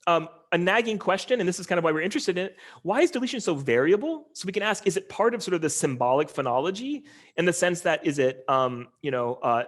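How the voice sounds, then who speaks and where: A man giving an informal linguistics lecture over a video call, talking in a relaxed, conversational way with many ums and uhs. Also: high voice, quick pace.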